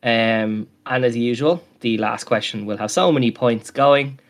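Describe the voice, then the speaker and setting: A man co-hosts a podcast, rambling enthusiastically through a casual chat with many fillers. His voice is medium in pitch and his delivery a little slow.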